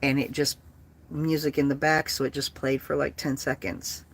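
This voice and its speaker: A woman's voice: rumbling low, flat delivery, normal speed, slight background noise. A woman in her late fifties chatting bluntly and profanely with livestream viewers. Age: 50s. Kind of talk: casual livestream chat.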